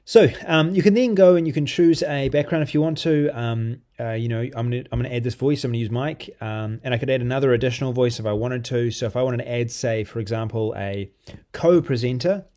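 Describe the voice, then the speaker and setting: Casual man walking through software. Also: mid-range voice, brisk. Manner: loose and conversational, many ums and restarts. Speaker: software reviewer. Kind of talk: casual screen-recorded software walkthrough.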